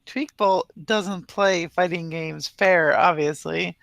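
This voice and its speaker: A man's voice: high-pitched, fairly even intonation, slow, gravelly, a bit bright, dry recording. A man on a casual gaming podcast, defensive and exasperated as his friends tease him. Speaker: podcast co-host.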